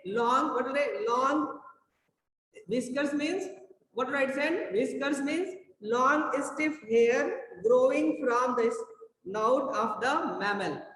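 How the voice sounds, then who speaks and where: A man teaching an online class, explaining haltingly and repeating himself often. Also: very high voice, fairly bright tone. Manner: repetitive, halting explaining with many restarts. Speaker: school English teacher. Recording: echoey room with long reverb, faint hiss.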